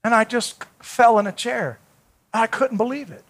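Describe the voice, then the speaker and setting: A man's voice: very high voice, normal speed, fairly bright tone. A male pastor preaching a sermon, telling a personal testimony in an earnest, heartfelt way.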